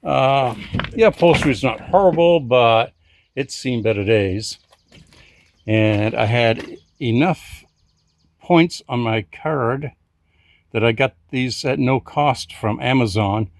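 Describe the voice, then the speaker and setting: A man's voice: medium pitch, takes it slowly, long pauses. A man giving a casual update on his car projects from his driveway, talking with dry, wry humor. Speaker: hobby car restorer and channel host. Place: outdoors in a driveway.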